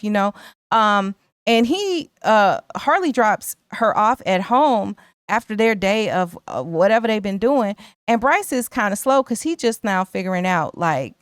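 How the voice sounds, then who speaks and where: A woman's voice: mid-range voice, normal speed, smooth, no room sound, clean studio sound. A woman co-hosting a casual movie recap, chatty and slangy, acting out the characters' lines as she retells the plot. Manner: animated, acts out characters' lines in quotes. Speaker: co-host.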